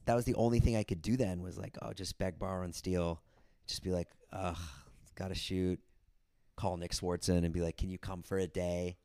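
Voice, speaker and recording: Man, casual chat, rambling anecdotes, deep voice. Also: mellow, no room sound, studio quality. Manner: rambling, quotes people in put-on voices. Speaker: podcast guest, comedian and filmmaker. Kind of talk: casual storytelling.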